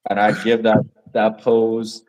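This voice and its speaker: Chatty young man with a low voice. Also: monotone, takes it slowly, a little mellow. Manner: enthusiastic, rambling with fillers. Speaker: podcast co-host. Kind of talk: casual chat.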